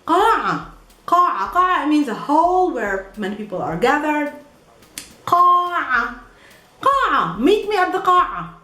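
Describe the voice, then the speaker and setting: A woman teaching pronunciation in a high, lively voice that leaps up and down. She is playful and repeats each word slowly. The room adds a clear echo. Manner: playful, repeats words slowly, laughs often. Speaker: Arabic teacher. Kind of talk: pronunciation lesson.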